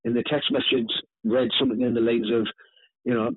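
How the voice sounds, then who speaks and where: Husky man on a phone line. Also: mid-range voice, moderate pace, pauses often, no room sound. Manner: animated, repeats words when excited. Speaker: author and paranormal investigator, guest. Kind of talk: conversational storytelling. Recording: tinny phone-line call audio.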